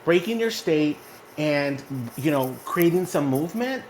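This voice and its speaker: Animated male storyteller with a mid-range voice. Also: fairly high pitch, unhurried, a little hiss or hum. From Texas, US. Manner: animated storyteller who often checks in with "right?". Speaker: co-host. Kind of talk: casual motivational chat. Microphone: phone in a social audio room.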